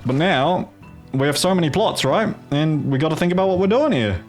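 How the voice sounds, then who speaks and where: A man's voice: on the high side, sing-song, a little fast, faint music behind. A man hosting a gameplay video in a put-on Australian accent, rambling with profane, jokey asides. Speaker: gaming video host. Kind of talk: casual gameplay commentary.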